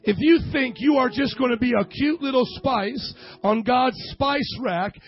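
A male pastor preaching with a very high, husky voice, driving his points home with emphatic bursts and call-and-response. The recording sounds dull and lo-fi, with faint music underneath. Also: unhurried, few pauses. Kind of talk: sermon.

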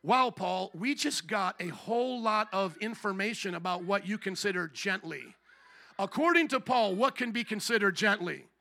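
Bright high-voiced man preaching a sermon. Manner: rhetorical questions to the congregation, emphatic. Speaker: pastor.

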